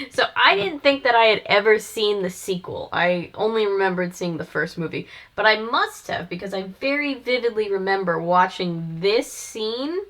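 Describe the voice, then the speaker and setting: Young woman, casual reviewer, wry and chatty, middle pitch. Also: lively intonation, moderate pace, fairly bright tone. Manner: chatty, wry, laughs often. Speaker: host reviewing a film. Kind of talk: casual commentary.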